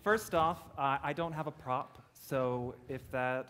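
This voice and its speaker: A man's voice: mid-range voice, slow pace, a bit bright. A man from Florida giving a conference presentation to an audience, telling personal stories with light jokes. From Florida, USA. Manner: personal, joking storytelling. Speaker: conference speaker. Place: conference stage before an audience.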